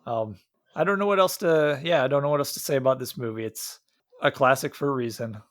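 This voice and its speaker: A man's voice: mid-range voice, brisk, no echo, studio quality. A man from Iowa co-hosting a podcast, chatting casually about a movie with many fillers and restarts. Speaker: podcast co-host.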